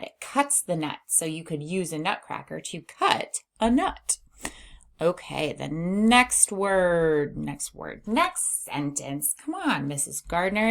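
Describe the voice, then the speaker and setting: A woman in middle age leads a reading lesson for small children, speaking slowly and sounding each word out with care. Her fairly low voice swoops up and down with a lively, animated pitch. Every so often she hums a few notes as she looks over the page. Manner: slow, exaggerated word-by-word reading aloud; humming while she scans for letters. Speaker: reading teacher. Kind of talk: online phonics lesson for young readers.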